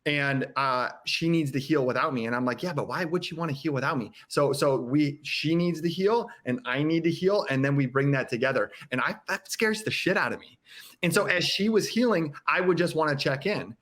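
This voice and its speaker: A man's voice: fairly high pitch, a bit bright. A man talking as a podcast guest, candid and earnest, often restarting his sentences and acting out what others said. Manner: earnest, halting, many restarts, acts out quotes. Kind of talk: candid conversational sharing.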